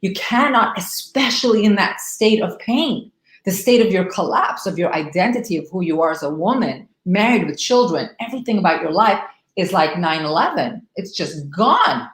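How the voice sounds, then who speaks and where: A woman's voice: on the low side, normal speed, echoey room, poor audio. Emphatic woman hosting a live stream. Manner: emphatic, animated, talks straight to her viewers. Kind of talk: live stream talk to viewers.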